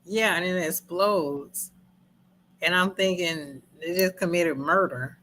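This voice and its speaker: A woman co-hosting a casual movie review chat, animated and laughing often as she acts out scenes in quoted voices. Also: lowish voice, slow, a little hiss or hum, low-quality recording.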